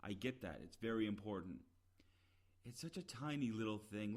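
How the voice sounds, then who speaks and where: A man's voice: fairly low pitch, expressive, normal speed. A man giving a rambling, opinionated solo commentary, with many "uh" fillers and emphatic, exasperated repetition. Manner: rambling, frequent "uh" fillers and restarts. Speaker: podcast commentator.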